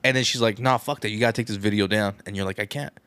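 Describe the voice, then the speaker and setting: A man's voice: fairly low pitch, fairly even intonation, rapid-fire, a bit bright, clean tone, no room sound. A man co-hosting a podcast in crude casual banter, full of slang and profanity, acting out little scenes as he talks. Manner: profane, slangy, tells acted-out scenarios. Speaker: podcast co-host.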